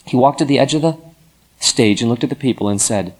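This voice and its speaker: A man narrating a story in an expressive, dramatic storytelling manner. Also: mid-range voice, brisk.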